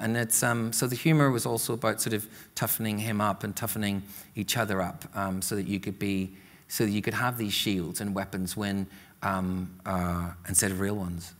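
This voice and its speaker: A Northern Irish man with a lowish voice talks at length about his writing, leaning on "you know" as he goes. His voice carries a long reverb from a large hall. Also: level tone, normal speed, fairly bright tone. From Northern Ireland. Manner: talkative, peppered with "you know" fillers. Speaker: author guest. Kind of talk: conversational literary interview. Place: literature event stage.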